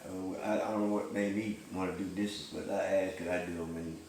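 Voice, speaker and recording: Brief: low-voiced man, blunt and profane, recorded from far away in an echoey room. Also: steady tone, a little fast, a little mellow. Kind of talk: casual storytelling chat. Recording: echoey and distant with faint noise.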